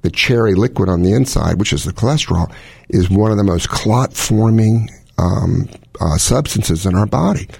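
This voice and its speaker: A man's voice: on the low side, animated, moderate pace, gravelly, a little mellow, breathy edge, no room sound, studio quality. A middle-aged man, a cardiologist, explaining heart conditions in casual chat with analogies and quoted scenarios. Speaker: cardiologist host.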